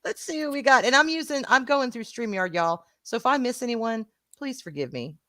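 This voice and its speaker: A woman's voice: on the high side, animated, brisk, fairly bright tone, no room sound. A woman with a Southern US accent, co-hosting a casual livestream and greeting her chat, calling viewers sweetheart and honey with a giggle. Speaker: co-host of a stream.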